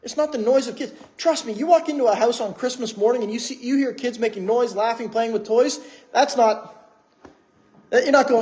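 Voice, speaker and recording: A man's voice: very high voice, moderate pace, a little mellow. A man preaching a sermon in church, conversational, with many rhetorical questions. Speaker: pastor.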